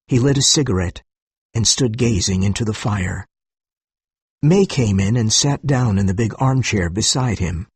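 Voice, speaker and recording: Husky male story narrator. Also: lowish voice, moderate pace, a little mellow, dry recording. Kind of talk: scripted story narration for learners.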